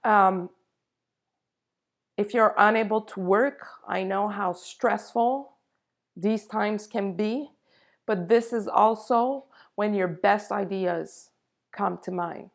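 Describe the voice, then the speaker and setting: Woman doing a slow spiritual talk, bit of vocal fry, takes her time. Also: medium pitch. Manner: unhurried, earnest, drawn-out phrasing. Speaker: spiritual channel host. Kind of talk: slow spiritual monologue to camera.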